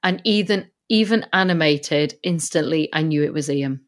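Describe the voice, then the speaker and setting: A woman co-hosting a podcast in casual chat, animated and laughing as she acts out characters in funny voices. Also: sits low, moderate pace. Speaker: podcast co-host.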